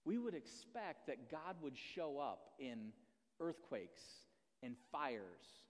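A high-voiced male pastor preaches conversationally, tossing questions to his listeners and poking fun at himself. His voice carries through a church sanctuary with a long reverb tail. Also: sing-song, slow. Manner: conversational, self-deprecating, asks the audience questions. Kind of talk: sermon. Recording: long reverb of a large hall.

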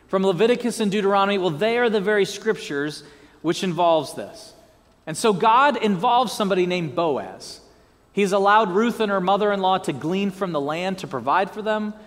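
A male pastor delivers a sermon in a high voice that leaps up and down, breaking into playful asides and asking the congregation to repeat key words after him. His voice rings out with a long reverb from the hall. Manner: lively, joking asides and call-and-response prompts.

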